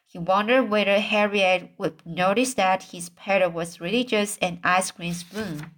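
A woman reading a children's book aloud, halting often and restarting stumbled words. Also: mid-range voice, fairly bright tone. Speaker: reader.

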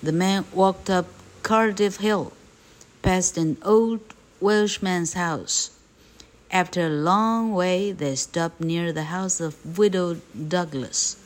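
Slow, low-voiced woman reading aloud. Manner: slow and clear, for learners. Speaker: English reading teacher. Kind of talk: slow read-aloud of a graded reader.

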